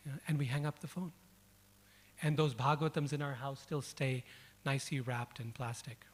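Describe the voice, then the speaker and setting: A man delivers a devotional lecture in a storytelling way, repeating words for emphasis. His voice sits at an ordinary middle pitch. A long reverb from the hall trails behind him. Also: fairly even intonation, normal speed. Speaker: speaker. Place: event hall.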